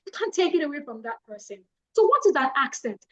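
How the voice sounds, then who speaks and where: Emphatic high-voiced Nigerian woman. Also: big pitch swings, fast talker, highs cut off. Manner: emphatic, repeats points for effect. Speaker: guest speaker. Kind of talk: public speaking advice talk.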